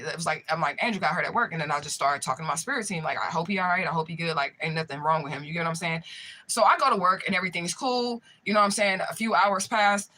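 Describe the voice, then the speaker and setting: Rapid bright chatty storyteller, cursing a lot, always asking "you get what i'm saying". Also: mid-range voice. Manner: profane, animated, slangy storytelling; keeps checking in with the listener. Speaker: spiritual reader telling a story. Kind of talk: casual storytime vlog.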